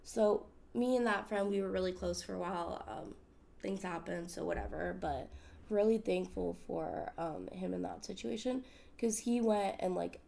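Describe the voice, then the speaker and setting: A woman's voice: fairly low pitch, normal speed, vocal fry, warm tone. A woman from the States hosting a podcast, telling a personal story in a candid, emphatic way and swearing freely. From United States. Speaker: podcast host. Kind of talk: casual storytelling chat.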